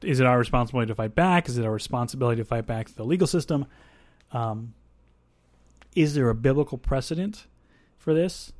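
A man's voice: medium pitch, brisk, darkish tone, no room sound. Dry-voiced conversational male podcast host. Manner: conversational, thinks aloud with asides and restarts. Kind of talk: casual podcast discussion.

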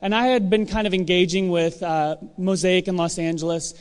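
A young man preaches in a loose, conversational way, slipping into little acted voices for the people he quotes. His voice sits high and smooth. The sound rings with the long reverb of a big hall. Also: moderate pace. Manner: animated, acts out quoted voices. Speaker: church speaker. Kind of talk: casual conversational sermon. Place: church hall with audience.

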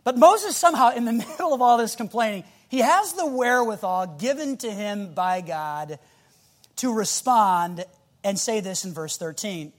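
An animated male pastor with a high, light voice, preaching a sermon. He reads scripture and then acts out the scene, breaking into growls and shouts. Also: moderate pace.

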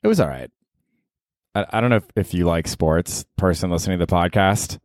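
A man's voice: sits low, fairly quick, no room sound, studio quality. A man hosting his own podcast alone from his apartment, rambling casually with lots of swearing and self-mockery. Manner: profane, self-mocking rambling. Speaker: podcast host. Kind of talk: casual solo podcast monologue.

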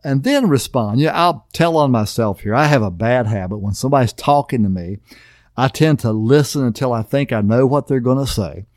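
A man's voice: mid-range voice, expressive, normal speed, a little mellow, no room sound, clean studio sound. A middle-aged man preaching a casual marriage sermon, folksy and plain-spoken, often checking in with "okay?". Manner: folksy, repeatedly asks "okay?". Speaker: pastor.

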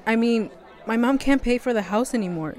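A woman's voice: fairly high pitch, a little fast, a little mellow, some chatter behind, natural voice. A young woman voicing an earnest, worried seventeen-year-old girl who also narrates. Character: seventeen-year-old Mexican-American girl, responsible and stressed. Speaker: narrator and lead.

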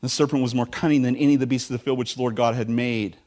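A middle-aged man preaching a sermon as pastor, telling the story with animated voices for the people in it. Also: medium pitch, very fast. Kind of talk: expository sermon.

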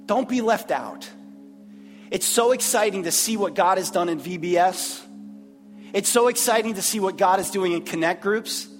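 High-voiced earnest male pastor in a hall. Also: faint music behind. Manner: earnest, repeats phrases, preacherly pauses. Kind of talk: sermon. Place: church sanctuary.

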